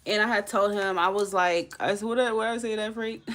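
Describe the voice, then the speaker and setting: A woman's voice: medium pitch, steady tone, brisk, a bit bright. A woman reading tarot on a live stream, chatting casually with viewers and laughing often. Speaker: tarot reader.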